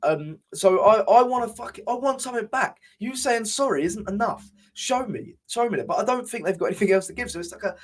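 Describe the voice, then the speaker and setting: A man's voice: high voice, animated, a little fast, hardly any pauses. A young man co-hosting a casual podcast chat, talking passionately and with frustration, swearing freely and often restarting his sentences. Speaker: podcast co-host.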